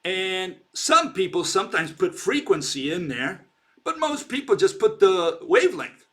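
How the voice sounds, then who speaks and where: A man's voice: sits high, sing-song, unhurried, fairly bright tone. A man giving an informal science lecture, emphatic and mocking, checking in often with "okay?". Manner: emphatic, keeps asking "okay?", mocking of critics.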